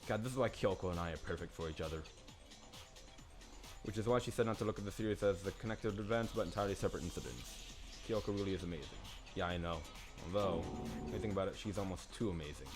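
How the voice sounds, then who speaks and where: A man streaming a live game playthrough, excitable and swearing as he yells at the characters. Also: low voice, quick pace. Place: home streaming setup. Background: game music.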